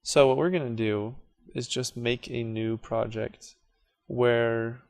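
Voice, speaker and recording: A man's voice: medium pitch, slow, vocal fry. A man casually talking through a video editing tutorial as he clicks along, correcting himself now and then. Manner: relaxed, self-correcting, talks through clicks as he works. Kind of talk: casual screen-recorded software tutorial.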